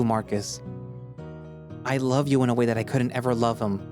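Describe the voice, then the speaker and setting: A man's voice: medium pitch, moderate pace. A man narrating a first-person dramatic audio story as an earnest, emotional young male anthro, speaking expressively. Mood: passionate. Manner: earnest and expressive, rising to anger. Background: background music.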